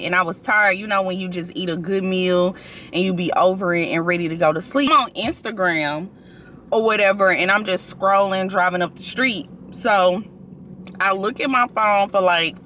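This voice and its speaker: A young woman vlogger from St. Louis, chatting casually and telling an animated story in her car. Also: mid-range voice, slight background noise. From St. Louis, USA.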